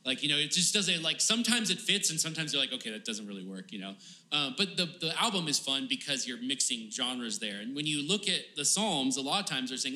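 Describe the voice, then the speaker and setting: A man preaching a sermon in a casual, halting way, full of fillers and restarts, growing pleading and emphatic as he paraphrases the psalm. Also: medium pitch, sing-song, pushed and bright. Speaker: pastor.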